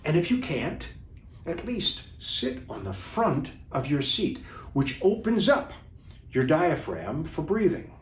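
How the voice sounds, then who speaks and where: A man coaching viewers as a communication trainer in an instructional video talk, deliberate and animated. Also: on the high side. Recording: echoey room, distant mic.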